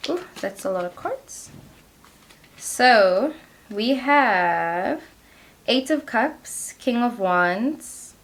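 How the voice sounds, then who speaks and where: A woman's voice: on the high side, animated, drawn-out words, a little hiss or hum. Chatty woman doing a tarot reading. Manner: chatty, giggly, heavy use of 'like'. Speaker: tarot reader. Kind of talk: casual pick-a-card tarot reading.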